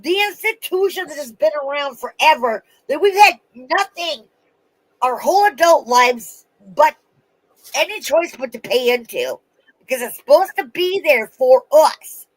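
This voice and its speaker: A vlogger rants angrily and casually, swearing heavily, breaking off mid-sentence, restarting fast, and trailing off. Her voice sits high with lively intonation, captured in a dry, low-quality recording.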